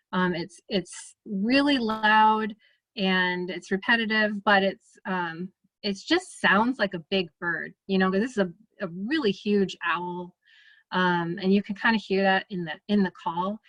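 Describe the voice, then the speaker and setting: Woman, Midwestern American accent, casual talk, chatty with fillers, dry close sound, mid pitch. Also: no echo. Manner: relaxed, chatty, many fillers and restarts. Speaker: ornithologist giving a talk. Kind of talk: casual presentation.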